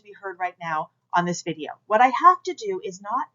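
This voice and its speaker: A woman's voice: mid-range voice, very animated, normal speed, few pauses, fairly bright tone, dull audio. A woman instructor giving a recorded class lecture, talking straight to students and coaching them through exercises. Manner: direct, coaching, demonstrates projection aloud. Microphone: camera mic.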